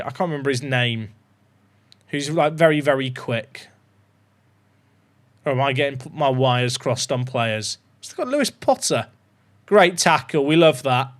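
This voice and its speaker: A young man chatting through a football management game, joking and bursting into excited shouts. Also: medium pitch. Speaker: gaming YouTuber.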